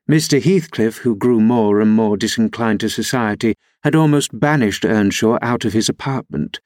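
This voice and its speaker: A man narrating a classic novel as an audiobook reader, in a measured, even storytelling delivery. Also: on the low side, no echo, studio quality.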